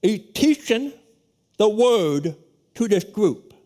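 A man preaching a sermon who tells a story in an animated way, with many restarts, in a loud voice. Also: high-pitched, takes it slowly. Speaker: pastor.

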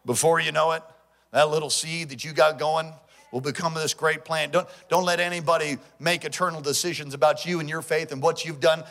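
A pastor preaches a sermon with fervent call-and-response, swinging between shouting and quiet storytelling. His voice is a little high and steady, and he speaks fairly quickly.

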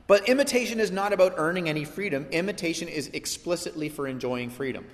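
Guy preaching a sermon, kinda high voice, goes quiet then punchy, big echoey hall. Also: quick pace. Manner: dynamic preaching, swinging from hushed to emphatic. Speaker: pastor.

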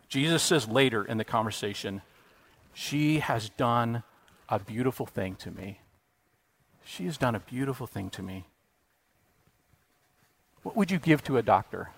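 A man preaching a sermon earnestly, rising for emphasis and dropping quiet, with occasional restarts. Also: mid-range voice. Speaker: pastor.

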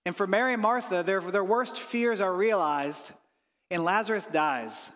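A pastor preaching a sermon with earnest feeling, dropping soft on reflective lines and rising when he voices pleading prayers. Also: sits high, normal speed. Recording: long hall reverb.

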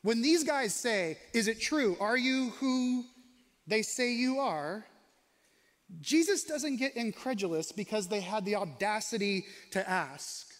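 A man preaching a sermon in a conversational, questioning way, slowing down and speeding up for emphasis. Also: sits high, animated, in a large hall. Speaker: pastor.

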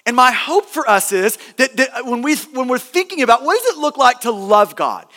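A man's voice: very high voice, very animated, moderate pace, sharp tone, in a large hall. A male pastor preaching a sermon, earnest and emphatic, often restarting and repeating words for stress.

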